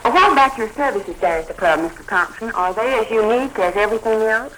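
Bright-voiced woman interviewer, 1940s radio. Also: on the high side, expressive, fast, slight background noise, rough recording.

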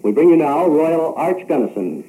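A man's voice: a little high, sing-song, normal speed, dark tone, low-quality recording. A man formally introducing a correspondent from a 1940s radio newsroom. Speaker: newsroom announcer.

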